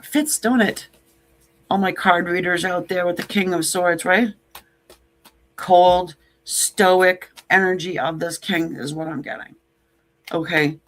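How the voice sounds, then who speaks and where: Woman doing a tarot reading real slow, blunt and jokey, sassy little asides, swears some. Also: on the low side, fairly even intonation. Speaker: tarot reader. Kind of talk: casual tarot reading to camera.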